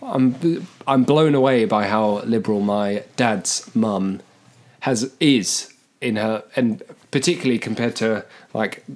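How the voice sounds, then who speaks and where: A man's voice: lowish voice, measured pace. Wry man with odd phrasing. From Britain. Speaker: podcast co-host. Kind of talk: casual chat.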